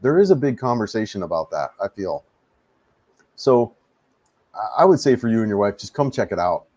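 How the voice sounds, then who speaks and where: Very animated at a normal speed, this American man speaks in a low-leaning, slightly mellow voice with no room sound. Streaming live from his home in the Philippines, he casually fields viewer questions, rambling and repeating words, while adjusting his desk mic.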